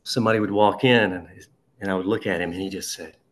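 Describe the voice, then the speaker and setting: A man telling a personal recovery story in a halting, conversational way, with frequent restarts and asides. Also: sits low, fairly even intonation. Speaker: speaker sharing a recovery story. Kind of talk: personal testimony.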